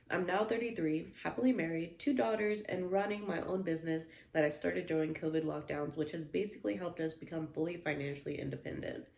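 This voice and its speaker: A woman's voice: on the low side, creaky, a little mellow. A woman hosting a storytime channel, reading Reddit posts aloud and breaking in with emphatic, slangy asides to viewers. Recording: roomy echo.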